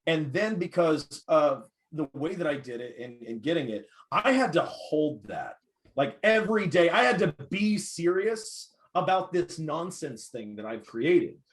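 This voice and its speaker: Animated man on a video call. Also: on the high side, a little slow. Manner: animated storyteller, self-mocking. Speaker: cast member, actor. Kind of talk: casual video call chat.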